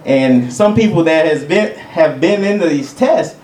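A man's voice: a little high, animated, a little slow, a little mellow, echoey room, far from the mic, slight background noise, low-quality recording. A male preacher giving a conversational teaching sermon. He chuckles between points and calls out for amens. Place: church sanctuary.

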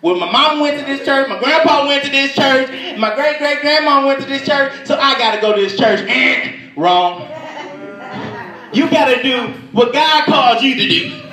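A man preaching a sermon, animated, shouting at the peaks and acting out voices in his stories. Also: very high voice, moderate pace. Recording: echoey hall, voice from far off.

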